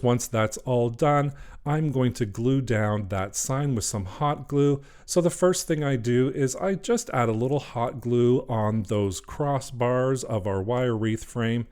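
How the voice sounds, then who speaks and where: A man's voice: medium pitch, measured pace, darkish tone. A man narrates a craft tutorial one step at a time, sounding friendly and upbeat. He chats easily and gets openly delighted when he shows off the finished piece. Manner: cheerful and chatty, gushing over the finished work. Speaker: craft channel host.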